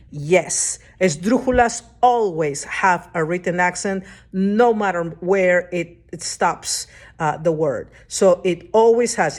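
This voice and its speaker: Woman, teacher, slow-paced, patient, step-by-step explanation, mid pitch. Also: darkish tone. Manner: patient, explains step by step, often checks understanding. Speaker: Spanish teacher. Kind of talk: classroom lesson.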